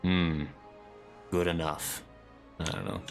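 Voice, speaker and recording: A man with a deep voice chats casually while playing a game on stream, reading out chat messages as he goes. Faint game music runs behind him. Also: steady tone, slow pace, creaky. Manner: chatty, reads chat messages aloud. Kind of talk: casual live-stream commentary.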